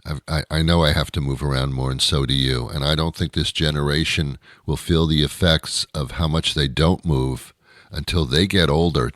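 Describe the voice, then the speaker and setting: Host, male, very low voice, dry close sound, wry rambling monologue. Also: no echo. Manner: wry, rambling, with dramatic pauses. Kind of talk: comedic monologue.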